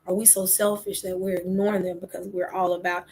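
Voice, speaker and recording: A woman giving impassioned religious commentary, asking rhetorical questions and dropping into whispers between loud outbursts. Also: on the low side, flat delivery, a little fast, slightly rough, poor audio. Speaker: online talk host.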